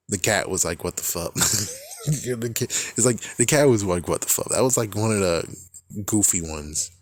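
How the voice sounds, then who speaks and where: Young guy vlogging, low voice, rambly and sweary, laughs a lot, dry close sound. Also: no room sound. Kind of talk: casual rambling monologue.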